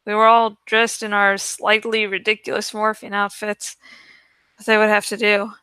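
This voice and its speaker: A woman's voice: medium pitch, little pitch movement, moderate pace, sharp tone, smooth, dry recording. A woman reading a novel aloud and commenting on it, often stumbling and restarting her sentences. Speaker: book reader.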